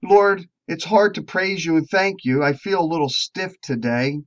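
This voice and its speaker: A man voicing a grateful little flower, soft and lo-fi. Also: on the high side, normal speed, close to an everyday voice. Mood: humble, grateful. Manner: soft, reverent, thankful. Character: small grateful male flower praising God. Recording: dull lo-fi recording.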